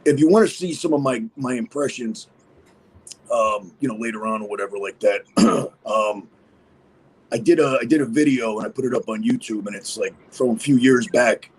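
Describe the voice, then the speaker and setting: A man's voice: medium pitch, moderate pace, slightly rough, poor audio. A man speaking as a podcast guest, rambling casually with many fillers. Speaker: guest impersonator. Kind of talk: casual interview chat.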